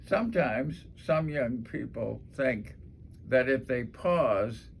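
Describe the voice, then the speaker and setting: A man teaching voice and speaking skills in a measured, unhurried way, pausing often and saying "uh" between phrases. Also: medium pitch, animated, gravelly, slight background noise. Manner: slow, measured, with long pauses and filler uhs. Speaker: speech coach. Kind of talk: casual teaching talk.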